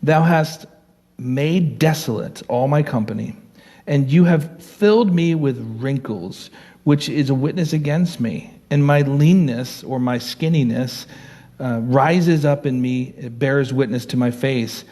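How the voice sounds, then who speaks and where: Husky-voiced pastor teaching scripture. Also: male voice, mid-range voice, measured pace, dark tone. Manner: earnest and conversational, reading scripture aloud and explaining it. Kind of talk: verse-by-verse Bible teaching.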